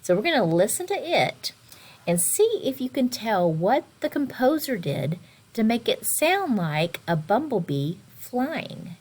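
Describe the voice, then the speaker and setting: A woman teaching a recorded online music lesson to children, expressive, with slowed and whispered words for emphasis. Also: a little high, slight background noise.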